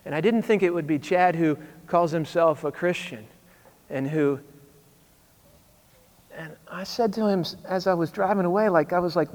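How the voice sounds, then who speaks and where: A man's voice: high-pitched, moderate pace, long pauses, a little mellow, big-room sound. A man in his thirties, a pastor telling a story in a sermon, conversational with wry asides.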